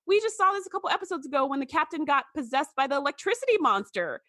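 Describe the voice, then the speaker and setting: Bright, high-voiced woman podcast co-host. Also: very animated, fast, no echo, clean studio sound. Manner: emphatic, acts out quoted voices. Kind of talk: casual chat about a TV episode.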